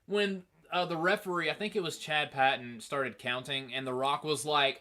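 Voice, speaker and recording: Animated male host, bright and fairly high, casual profane rambling. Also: normal speed, few pauses. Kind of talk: casual review commentary.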